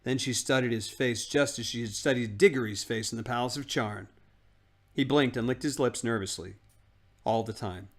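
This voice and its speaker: A man's voice: medium pitch, normal speed. A man reading a children's novel aloud on a livestream, with casual asides to his chat. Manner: casual asides between narration.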